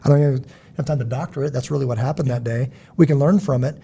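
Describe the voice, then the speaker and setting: A man hosting a podcast, talking in a blunt, emphatic, preachy way with a husky voice. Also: mid-range voice, fast talker, mellow. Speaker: podcast host. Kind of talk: casual podcast discussion.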